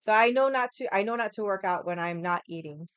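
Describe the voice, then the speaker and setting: A young woman chatting to her stream viewers in a loose, unfiltered way, with plenty of filler words and casual swearing. Her voice is smooth and clear, at a middle pitch. It is close to the mic and dry, with no room sound. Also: fairly quick, no room sound, dull audio. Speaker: livestream host. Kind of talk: casual chat.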